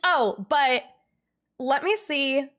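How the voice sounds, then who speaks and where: A young woman streaming, chatting casually with viewers and ranting in an exasperated, animated way. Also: sits high, extremely slow. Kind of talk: casual livestream chat.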